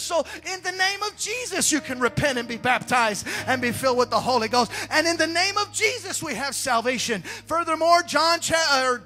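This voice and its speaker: A male pastor preaching a sermon in a church, swinging between quieter asides and shouted, sing-song peaks. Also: very high voice, animated, moderate pace, few pauses, soft background music. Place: church sanctuary.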